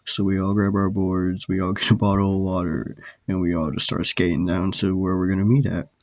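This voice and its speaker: A man's voice: low voice, little pitch movement, fairly quick, dry recording. A man telling a story from his own life in a casual, rambling, profane way, with many "like" fillers.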